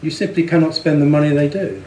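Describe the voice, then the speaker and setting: A man's voice: on the high side, animated, quick pace, a little mellow, reverberant, slight background noise, low-quality recording. A man giving a presentation on branding, chatty and amused, often repeating words as he thinks. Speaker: speaker on branding and packaging. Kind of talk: presentation to an audience.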